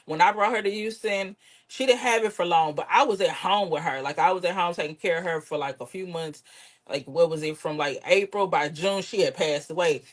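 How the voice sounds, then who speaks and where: A woman's voice: lowish voice, brisk. A woman comedian, telling candid stories in a casual interview and acting out her relatives' voices. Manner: lively, swears, acts out relatives' voices. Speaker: comedian guest.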